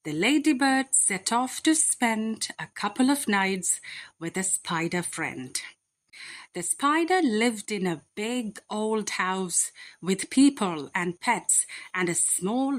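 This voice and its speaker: A woman reads a children's picture book aloud at bedtime. Her reading is gentle and measured, and she takes it very slowly. Her voice sits at a middle pitch. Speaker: storyteller. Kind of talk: bedtime story read-aloud.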